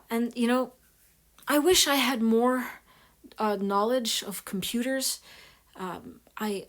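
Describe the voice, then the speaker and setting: A woman hosting her own video channel, talking casually to her viewers in a soft voice that they compare to ASMR, with many pauses and fillers. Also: mid-range voice.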